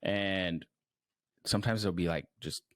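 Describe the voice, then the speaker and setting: A man's voice: low-pitched, moderate pace. A man co-hosting a podcast in casual chat, loose and agreeable, with many "yeah, no" and "like" fillers. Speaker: podcast co-host.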